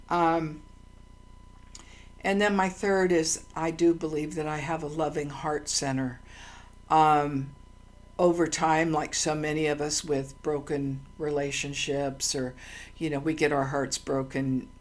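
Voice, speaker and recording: A woman hosting her own channel, telling personal stories in a casual, meandering way with many ums and restarts, earnest and heartfelt. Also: low voice. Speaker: channel host. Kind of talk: casual personal storytelling monologue.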